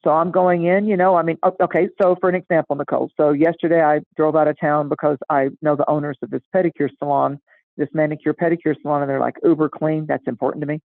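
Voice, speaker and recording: A middle-aged woman chatting casually and telling a lively story, acting out the voices of the people in it. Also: low voice, fast talker, no room sound. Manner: animated, acts out voices in anecdotes. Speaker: astrology guest. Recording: tinny phone-like line, dry.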